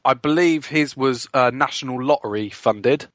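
A man on a podcast panel telling news in a halting, self-deprecating way, from the United Kingdom. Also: mid-range voice, a bit bright, dry recording, clean studio sound. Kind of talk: casual podcast chat.

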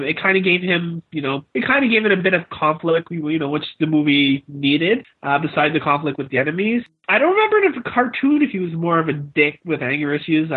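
A man's voice: a little high, slightly rough. A man co-hosting a casual podcast film review, rambling with stammered restarts. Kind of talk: casual chat. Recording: tinny phone-like line.

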